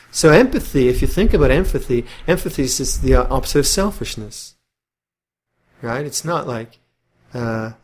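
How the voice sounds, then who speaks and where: An older man, a Buddhist monk, giving an unscripted dharma talk in a thoughtful, halting way, with many restarts and fillers and gently acted-out quotes. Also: medium pitch. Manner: gently acts out quoted voices.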